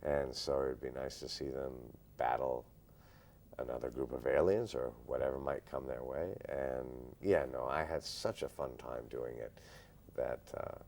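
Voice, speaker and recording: A male actor answering interview questions in a measured, thoughtful way, pausing often. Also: extremely low pitch, fairly even intonation, vocal fry, a little mellow. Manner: measured, thoughtful, frequent "uh" pauses.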